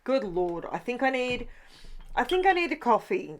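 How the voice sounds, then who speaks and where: A woman's voice: fairly high pitch, sing-song, normal speed. A woman, talking casually and sleepily over a craft process video, rambling and correcting herself as she goes. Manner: chatty and rambling, corrects herself mid-sentence. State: sleepy, yawning. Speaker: craft channel host.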